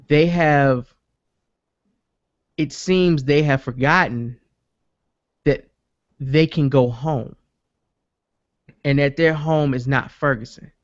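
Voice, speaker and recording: A medium-pitched man hosts a casual podcast, telling a story with gusto, acting out dialogue and swearing freely. The recording sounds dry and muffled.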